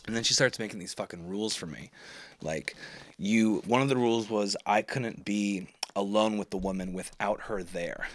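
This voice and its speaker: A man's voice: on the low side, normal speed, a little hiss or hum. A man, telling a story on his podcast in a rambling, profane, self-mocking way. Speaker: podcast host. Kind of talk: casual storytelling monologue.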